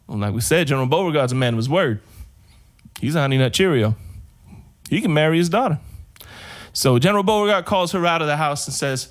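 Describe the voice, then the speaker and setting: A man's voice: a little high, expressive. A man on a podcast, casually telling a long shaggy-dog joke and drawing out the build-up. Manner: casual storyteller, drawn-out build-up. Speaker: podcast co-host.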